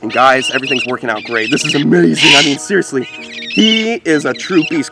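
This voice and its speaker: Young male vlogger, high-ish voice, eager and upbeat, recorded outdoors with loud music underneath. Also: fairly quick, vocal fry. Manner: excited, upbeat, exclaims how amazing things are. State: out of breath. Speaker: wildlife vlogger. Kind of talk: enthusiastic outdoor vlog narration. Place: outdoors by a lake.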